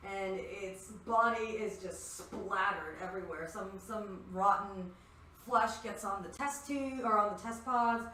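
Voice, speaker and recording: A woman's voice: medium pitch, fairly bright tone. A woman narrating as game master, giggling and swearing as she describes the action to her players. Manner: giggly, swearing freely, quick asides. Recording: far from the mic in an echoey room, faint noise.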